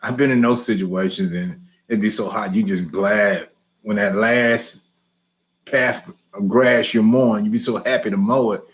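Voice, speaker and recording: A man's voice: fairly low pitch, fairly even intonation, moderate pace. A man hosting a live lawn care question and answer stream, chatting easily, chuckling often and repeating himself.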